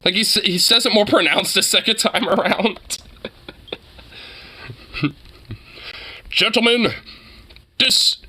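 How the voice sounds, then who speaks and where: A man casually commenting on a video, laughing often, swearing and gushing with excitement. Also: sits high, unhurried, long pauses, husky. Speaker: reaction video host.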